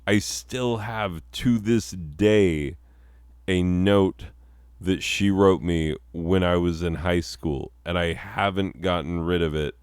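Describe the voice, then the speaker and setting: A man's voice: low-pitched, slow, a little mellow, clean tone, no room sound, clean studio sound. A man in his forties talking casually and rambling over his own slides, laughing at himself and leaning on fillers. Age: 40s. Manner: self-mocking, laughs often, many fillers. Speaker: channel host.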